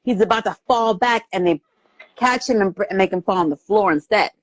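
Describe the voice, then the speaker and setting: A woman hosting a casual live movie review chat, animated and quick to laugh, acting out lines from scenes as she retells them. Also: medium pitch, dry recording. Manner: animated, quotes lines in put-on voices, lots of laughter. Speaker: host. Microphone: live video stream.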